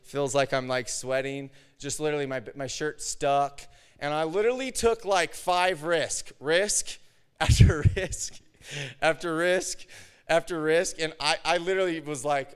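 A male preacher with a fairly high, smooth and resonant voice tells a personal story in a sermon. He talks casually and acts out the dialogue with lively energy. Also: moderate pace. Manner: animated storytelling, acts out his own and God's words.

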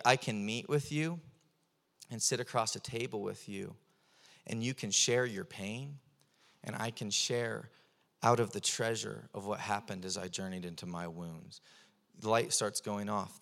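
A young man preaching a sermon, telling stories with animated, fervent intensity. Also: mid-range voice, in a large hall.

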